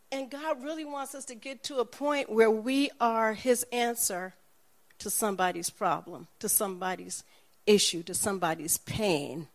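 A middle-aged woman preaching, telling a personal testimony and acting out the people in it. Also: a little high. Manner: animated storytelling, acts out the people in her story.

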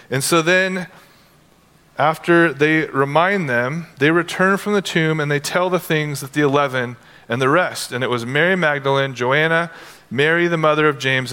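Male preacher, slightly high bright voice, chatty and animated, big church reverb. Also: clean tone. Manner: animated, acts out Bible scenes in casual modern talk. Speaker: pastor. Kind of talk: conversational sermon. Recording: long hall reverb.

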